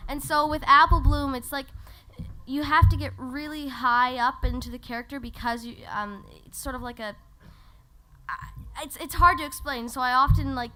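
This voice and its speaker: A hesitant woman on a convention panel searches for her words. Her voice is high and bright, with faint noise behind it. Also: moderate pace. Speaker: voice actor panelist.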